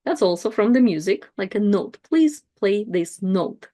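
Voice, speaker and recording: A woman teaching pronunciation, saying each word twice slowly and clearly before explaining it in plain words. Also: mid-range voice, animated, dark tone. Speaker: language teacher. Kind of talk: slow pronunciation lesson.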